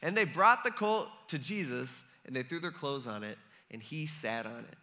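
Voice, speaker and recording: A man with a fairly high, bright and forceful voice gives a relaxed, chatty sermon. He talks to the room as if to friends and slips into the voices of the people he quotes. His delivery is loose and animated. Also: moderate pace. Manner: conversational, acts out quoted voices. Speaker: preacher. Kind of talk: casual sermon.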